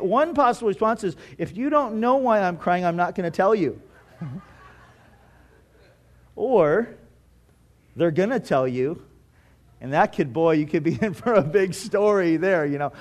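A man with a high voice preaching a casual, animated sermon. He reads scripture aloud and slips into little acted-out lines for the people in the story, swinging between loud and soft. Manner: conversational, animated, acts out quotes, chuckles at own jokes. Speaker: pastor.

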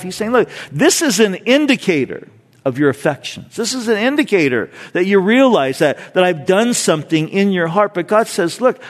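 A male pastor preaches in a church sanctuary with a fairly high, lively voice that rises and falls a great deal. He reads scripture and acts out quoted speech, often repeating a word as he restarts. A long hall reverb trails each phrase. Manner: repeats words when restarting. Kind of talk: sermon with scripture reading.

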